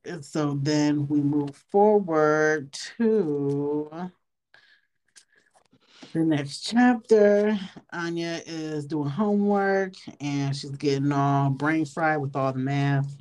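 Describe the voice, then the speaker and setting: A woman's voice: low-pitched, takes it slowly, darkish tone. A young woman co-hosting a podcast, laid-back and swearing casually as she chats. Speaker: podcast co-host. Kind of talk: casual chat.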